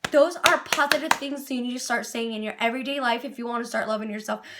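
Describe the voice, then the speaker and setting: A woman's voice: a little high, fast, heavy background noise. A young woman talking to camera in an earnest, rambling personal vlog, laughing at herself and at times tearful. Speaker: vlogger.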